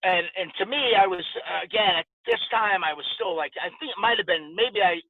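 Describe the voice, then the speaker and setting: A man in his forties, a podcast guest, casually telling lively stories and acting out the dialogue. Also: high-pitched, a little fast, no echo. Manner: animated anecdote-telling with quoted dialogue. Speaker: podcast guest, former boxer. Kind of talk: casual storytelling interview. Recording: dry, tinny phone-like sound.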